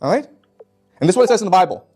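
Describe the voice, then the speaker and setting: A man's voice: high-pitched, very animated, racing, a little mellow, breathy edge, soft background music. A man teaching a class in an emphatic way, often stopping to check that his students follow. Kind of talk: classroom lecture.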